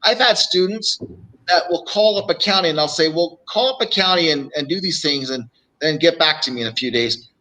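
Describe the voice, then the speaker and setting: A man's voice: a little high, a little fast, bright, forceful tone, poor audio. A middle-aged man, a real estate coach, telling stories on a live show and acting out phone calls as he goes. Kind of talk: live show guest storytelling.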